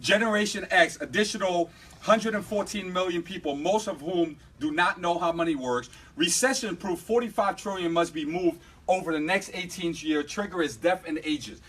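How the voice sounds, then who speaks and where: A man giving a motivational sales training talk to a live room, energetic, checking in with his listeners over and over. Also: high-pitched, normal speed, rough recording. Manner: energetic, repeatedly asks "right?". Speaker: business trainer.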